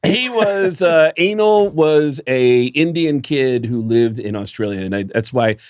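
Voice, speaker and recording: A man's voice: unhurried, dry recording. An American man co-hosting a casual podcast, telling stories with a voice that leaps all over, rising sharply when he quotes people. The sound is close and dry, with no room around it. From United States. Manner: animated storyteller, laughs often, voice jumps high for quoted lines. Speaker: podcast co-host. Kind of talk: casual storytelling chat.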